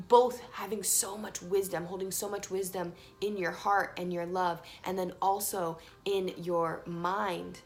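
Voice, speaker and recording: Casual low-voiced woman tarot reader. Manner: casual and emphatic, swings between soft and loud. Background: faint playlist music.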